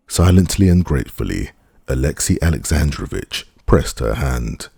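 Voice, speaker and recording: Deep-voiced man, audiobook narration, husky tone, dry close sound. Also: lively intonation, normal speed, warm tone, no echo. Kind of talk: scripted narration.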